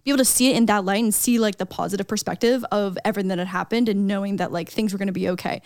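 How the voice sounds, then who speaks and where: A woman's voice: medium pitch, steady tone, racing, darkish tone, dry recording, studio quality. A young woman co-hosting a podcast, chatty and emphatic, leaning on filler words. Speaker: podcast co-host. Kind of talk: casual podcast chat. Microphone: studio mic.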